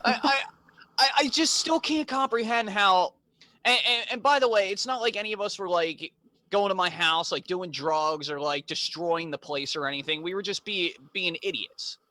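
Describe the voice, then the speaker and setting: A young man co-hosting a podcast, telling childhood stories in casual chat with quick laughs. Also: high-pitched, no room sound. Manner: animated storytelling, quick laughs. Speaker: podcast co-host.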